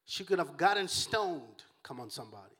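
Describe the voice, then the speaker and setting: Pastor, male, high-pitched voice, lively joking sermon delivery. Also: normal speed, slightly rough. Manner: animated, joking preacher who calls out to the congregation.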